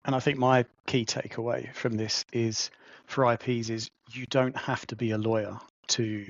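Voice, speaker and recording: Flat-voiced man on a dull mic. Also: mid-range voice, normal speed, dry recording. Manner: methodical, explanatory. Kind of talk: casual professional discussion. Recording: slightly dull dry mic.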